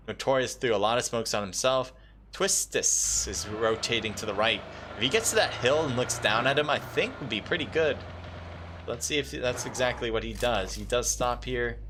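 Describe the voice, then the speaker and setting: A man's voice: fairly low pitch, noisy background. Man casting a mobile shooter game. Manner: excitable, rising to loud bursts at big plays. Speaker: esports caster. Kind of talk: live game commentary.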